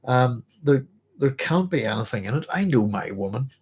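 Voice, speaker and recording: A man hosting a live book club, chatting through a novel and readers' comments in a thoughtful, rambling way with many pauses and restarts. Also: mid-range voice, animated, a little mellow, husky. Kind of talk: casual live book discussion, reading aloud and chatting.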